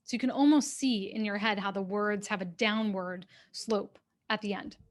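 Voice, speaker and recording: A woman executive coach giving a workshop talk over a video call, speaking in a clear, steady, instructive way. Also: medium pitch, normal speed. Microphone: webcam on a video call.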